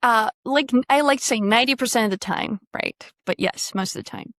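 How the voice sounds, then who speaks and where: A woman's voice: a little high, brisk, fairly bright tone, no echo, clean studio sound. A woman coaching pronunciation in a casual online lesson, chatty and quizzing her student, swearing now and then.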